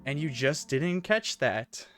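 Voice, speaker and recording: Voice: medium pitch, very animated, slow, a bit bright, faint music behind. A game master voicing a mocking male trickster god of the dead who teases and chuckles, for a tabletop game. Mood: smug. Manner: teasing, smug, chuckling.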